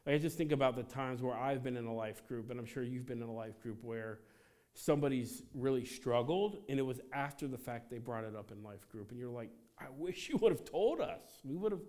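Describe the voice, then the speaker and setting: Conversational male pastor preaching. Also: mid-range voice. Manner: conversational, lots of "like" and restarts, animated asides. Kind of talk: sermon. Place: church sanctuary.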